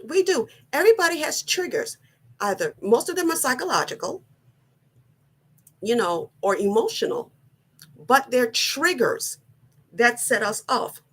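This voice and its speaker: Middle-aged woman, slow earnest pep talk, kinda husky, a bit high. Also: big pitch swings. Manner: slow, earnest and deliberate, with repeated phrasing. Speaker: wellness vlogger. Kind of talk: personal motivational talk.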